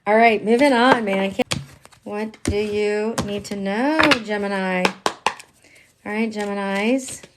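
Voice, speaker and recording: Slow-talking chatty tarot reader woman. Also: medium pitch, very noisy. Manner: chatty, emphatic, slangy, swings between hushed and excited. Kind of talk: live-streamed tarot reading.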